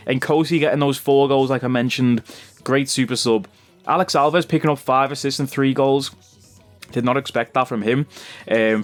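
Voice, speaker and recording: A young man giving casual, chatty commentary over a football management game, calling his viewers "bro". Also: mid-range voice. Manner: chatty, says "bro" a lot. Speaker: gaming YouTuber.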